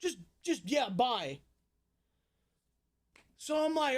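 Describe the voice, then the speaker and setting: A young man streaming to his viewers, telling a long story in a casual, animated way, swearing often and breaking into loud outbursts. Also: high-pitched. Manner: animated, swears a lot, jumps between fast narration and loud outbursts.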